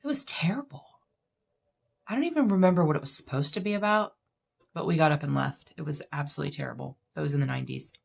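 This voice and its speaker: Here a woman vlogger in her fifties speaks in a deep voice with vocal fry, rapid-fire as she chats through a list of questions. Her answers are blunt, opinionated and packed with emphasis.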